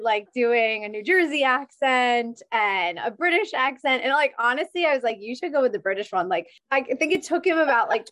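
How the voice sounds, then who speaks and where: A woman in her thirties, guesting on a podcast, tells stories in casual conversation and laughs often. Her voice is on the high side and a bit bright, with no echo in the recording.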